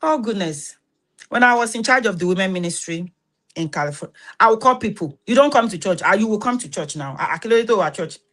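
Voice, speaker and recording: A woman with a Nigerian Yoruba accent, hosting an animated spoken talk that mixes in Yoruba and preacher-like rises, ending in prayer. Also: mid-range voice, fast. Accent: Nigerian, Yoruba-influenced. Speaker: host and massage therapist.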